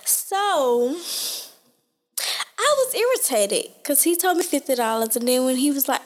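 A woman's voice: high voice, unhurried. A woman co-hosting a casual podcast chat, retelling a story with acted-out quotes and plenty of swearing. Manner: animated storytelling, acting out quotes, profane. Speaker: podcast co-host.

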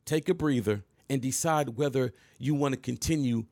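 A middle-aged man from Michigan telling a personal story in a casual monologue, animated and emphatic, acting out the scenes. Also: medium pitch, moderate pace, no room sound, studio quality.

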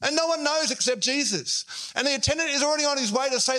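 A man's voice: very high-pitched, quick pace, pushed and bright. A man preaching a sermon as pastor, telling the story and acting out the quotes in shifting voices.

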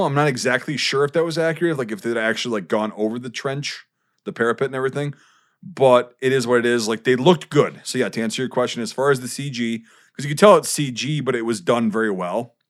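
Man, casual podcast chat, explains in careful detail, full of ums and likes, restarts his sentences often, middle-pitched voice, relaxed flow. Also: a little fast. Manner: detailed explaining, hesitant with many "um" and "like". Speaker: podcast co-host with military history knowledge.

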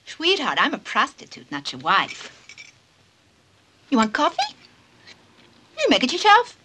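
A man voicing a sassy, annoyed young woman in a mocking falsetto. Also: huge pitch swings, unhurried, background noise, heavily acted.

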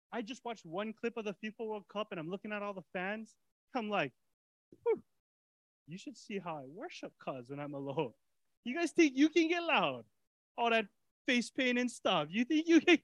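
High-voiced animated male preacher. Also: no echo, poor audio. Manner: animated, swings from soft to shouting; casual preacher's talk with fillers and repeats. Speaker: pastor. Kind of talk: sermon.

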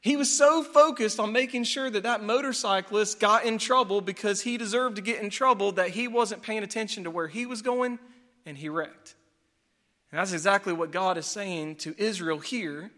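A man preaching a sermon as pastor, telling a story with animated, exclaiming delivery. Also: sits high, in a large hall.

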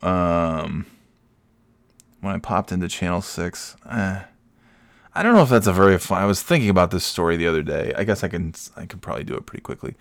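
A man's voice: deep voice, animated, moderate pace, vocal fry, dry recording. A man in his forties hosting a podcast, telling a rambling story and often chuckling at himself. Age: 40s. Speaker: podcast host. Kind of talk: casual storytelling.

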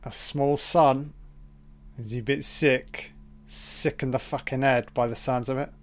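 A man's voice: medium pitch, steady tone, unhurried. A man giving a casual commentary over a film, reacting with profane running remarks.

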